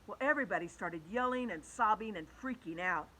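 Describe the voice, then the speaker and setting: A woman reads a children's storybook aloud with an animated, sing-song delivery that rises and falls a lot. Her tone is bright and clear. She shifts her voice for each character. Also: mid-range voice, brisk, low-quality recording. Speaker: children's book reader.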